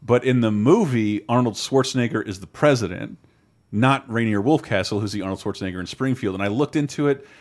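A man hosting a podcast in casual, animated chat, swearing now and then. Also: fairly low pitch, brisk. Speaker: podcast host.

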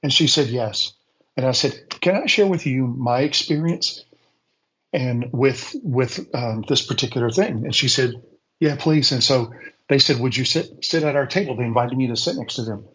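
A man's voice: medium pitch, moderate pace, fairly bright tone, poor audio. Male guest, mid-range voice; earnest, faith-driven testimony with frequent restarts. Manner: earnest, repeats words as he searches for them; speaks with faith-filled conviction. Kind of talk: casual storytelling on a call-in show.

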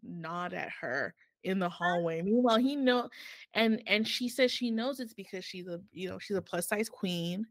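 A woman's voice: on the low side, normal speed, hardly any pauses, dry recording. A woman co-hosting a book podcast, chatting casually and retelling a story with lots of quoted voices.

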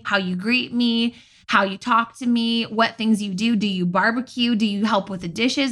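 A middle-aged woman, a mother, telling a family story in casual talk and acting out what people said. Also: on the high side. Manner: animated storyteller, acts out quotes. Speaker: mother and podcast co-host.

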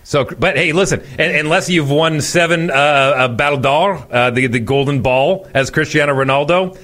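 A man in his forties, a radio morning show host, telling a story in a casual, animated way and acting out the voices of the people in it. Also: a little high, moderate pace, hardly any pauses. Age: 40s.

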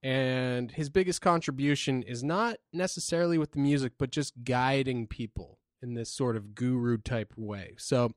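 A man co-hosting a podcast at a medium pitch, talking in a laid-back, meandering way with plenty of "you know" and "uh". His voice sits close and dry on the mic, with no room sound around it. He's easygoing and conversational, the way you'd talk to a friend. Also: normal speed, few pauses, no room sound. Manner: laid-back, rambling storytelling with frequent fillers. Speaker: podcast co-host. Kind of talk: casual podcast chat.

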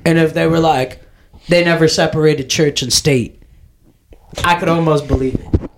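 A man's voice: on the high side, steady tone, normal speed, noisy background. A man co-hosting a podcast in casual chat, rambling and profane, full of "like" and "dude". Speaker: podcast co-host.

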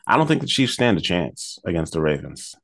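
A man's voice: sits low, sing-song, a little fast, vocal fry, a bit bright, breathy edge, dry recording, studio quality. A man co-hosting a sports betting podcast, giving confident, analytical football picks in casual talk.

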